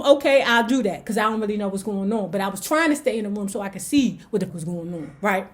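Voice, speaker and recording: A woman's voice: lively intonation, quick pace, hardly any pauses. A woman telling a family story casually and dramatically, with playful asides and exaggerated flourishes. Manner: dramatic, playful, shifts into high voices for quotes. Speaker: storyteller vlogger.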